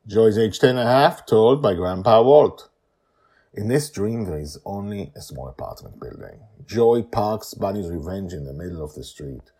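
Brief: low, husky male host-storyteller, lively reading. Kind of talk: scripted story narration.

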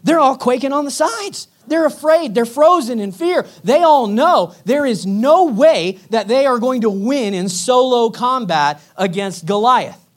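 A man preaching in a lively storytelling way, energetic and slangy. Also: very high voice, unhurried.

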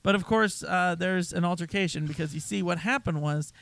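A man's voice: high voice, brisk, vocal fry, fairly bright tone, no room sound. A man co-hosting a casual movie review chat, sarcastic and exasperated as he retells scenes. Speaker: podcast co-host.

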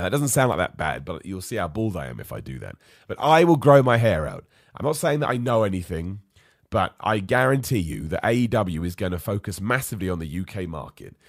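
A man's voice: deep voice, dry recording, studio quality. A man hosting a live wrestling podcast, opinionated and ranty, ill and losing his voice. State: ill, voice going. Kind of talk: live-streamed podcast rant.

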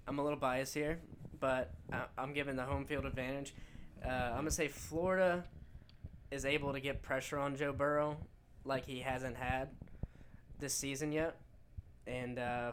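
A man's voice: mid-range voice, fairly even intonation, moderate pace, fairly bright tone, slight background noise. A man co-hosting a casual sports podcast, rambling with many fillers and restarts as he breaks down college football games. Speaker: podcast co-host.

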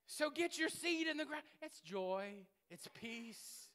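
A man preaching with a high, bright voice. He is animated and playful, building to loud bursts and dropping to hushed asides. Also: normal speed. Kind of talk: sermon.

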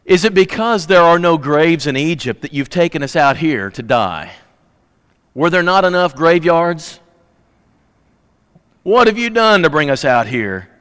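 A frightened crowd of Israelite men whines and gripes with sarcasm, as a preacher acts them out. The voice is slightly high for a man, and it carries a long hall reverb. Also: sing-song, a little slow, long pauses, a bit bright, clear, resonant tone. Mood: whining. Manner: whiny, griping, sarcastic.

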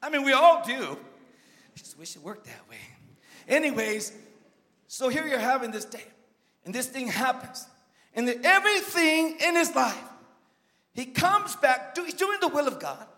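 High-voiced preaching man in a reverberant church. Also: expressive, moderate pace. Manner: emphatic preaching, swings from shouts to low asides; joking asides to the congregation. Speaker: guest pastor. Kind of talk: sermon. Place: church sanctuary.

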